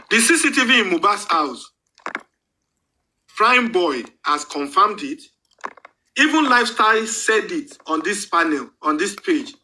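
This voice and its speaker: A man's voice: a little high, pushed and bright, slight background noise, low-quality recording. A man with a Nigerian accent hosting an online panel, arguing emphatically, repeating his points and slipping into pidgin. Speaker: panel host. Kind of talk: live online panel commentary.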